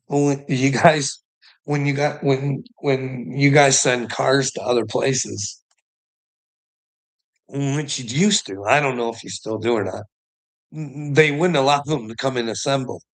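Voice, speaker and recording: A man's voice: medium pitch, rough recording. A Canadian man ranting casually to his viewers, rambling and profane, with frequent chuckles. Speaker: vlogger.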